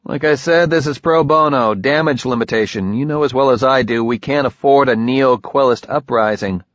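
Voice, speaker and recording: A man's voice: medium pitch, moderate pace, a bit bright, no room sound, lo-fi sound, pitched above the performer's own voice, lightly acted. A man voicing a pressing, wry male envoy agent in an audiobook, swearing freely. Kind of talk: audiobook character voice.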